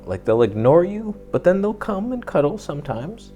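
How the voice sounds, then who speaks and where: A man's voice: on the high side, very animated, normal speed, mellow, soft background music. A young man chatting casually to camera, telling rambling, jokey stories and swearing now and then. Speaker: vlogger.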